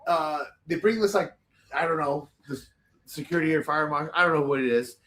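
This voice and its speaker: Fast-talking man spinning rambling stories. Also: a little high. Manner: animated, rambling anecdotes with many fillers and restarts. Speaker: guest. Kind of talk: casual storytelling on a live talk show.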